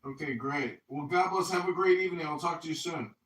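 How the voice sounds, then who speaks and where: A man hosting a casual voice chat as a political candidate, with effusive, booming greetings. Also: brisk, a bit bright. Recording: echoey and distant.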